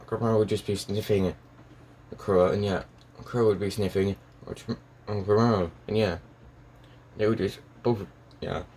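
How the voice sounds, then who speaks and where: Deep voiced guy rambling through a fan story, tons of "and yeah", faint hiss behind. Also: fairly even intonation, a little fast, pauses often, a little mellow. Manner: rambling, full of "and yeah" fillers and restarts. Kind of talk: casual fan story narration.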